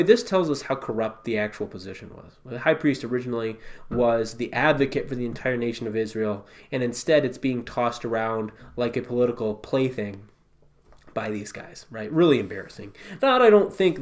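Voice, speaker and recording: A man giving a casual, conversational Bible teaching, emphatic and full of rhetorical asides. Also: medium pitch.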